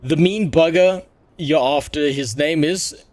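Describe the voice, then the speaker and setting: A man voicing a gruff old male townsman who talks in pirate speech, reading the lines haltingly aloud. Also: on the high side, a little mellow, dry recording, lightly acted. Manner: halting read-aloud with stumbles over names.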